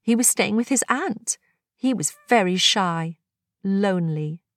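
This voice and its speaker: Brief: woman voicing a wistful grown woman, bright lilting delivery, unhurried, close dry sound. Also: mid-range voice, expressive, no room sound, natural voice.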